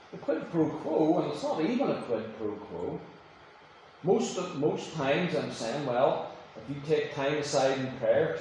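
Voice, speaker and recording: Preacher in an echoey church. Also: male voice, a little high, a little mellow, slight background noise. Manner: conversational storytelling with emphatic rises. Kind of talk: sermon. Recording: echoey room, voice from a distance.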